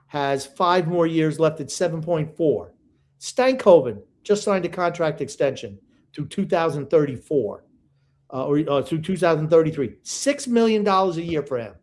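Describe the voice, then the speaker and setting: Older man, grumpy sports podcast co-host, fairly high voice, blunt and teasing. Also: a little mellow. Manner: gruff, opinionated, ribbing. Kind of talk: casual sports podcast chat.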